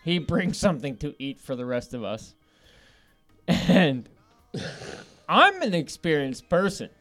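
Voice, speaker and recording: A man's voice: fairly high pitch, very animated, a little slow, fairly bright tone, soft background music. A man telling a rambling, profane story in casual podcast chat, laughing often as he goes.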